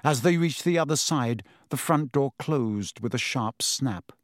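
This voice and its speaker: A man narrating an audiobook in a measured, steady storytelling manner. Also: medium pitch, no echo, studio quality. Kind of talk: scripted narration.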